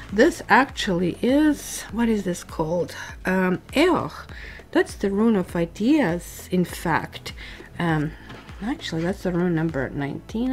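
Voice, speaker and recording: A woman giving a casual monthly tarot reading, rambling and correcting herself as she talks straight to the viewer. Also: fairly low pitch. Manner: chatty, rambling with asides and self-corrections. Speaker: tarot reader. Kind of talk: casual astrology reading to camera.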